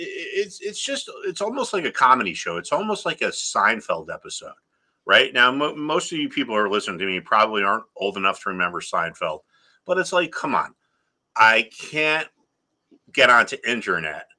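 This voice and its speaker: A middle-aged man hosting a trading channel, telling a story in an exasperated, lively way before moving on to a stock lesson. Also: medium pitch, brisk. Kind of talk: casual ranting vlog and trading lesson.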